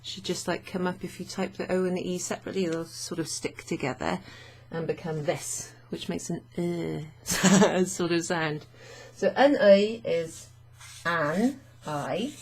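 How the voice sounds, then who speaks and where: A woman's voice: on the low side, normal speed, few pauses, darkish tone, husky. A woman teaching French vocabulary to learners, chatty and thinking aloud with fillers and frequent little laughs.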